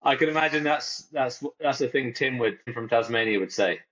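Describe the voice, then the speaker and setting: A man's voice: medium pitch, moderate pace, fairly bright tone, muffled recording. A man co-hosting a podcast in casual chat, rambling and jokey and mimicking other people's phrases. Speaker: podcast co-host.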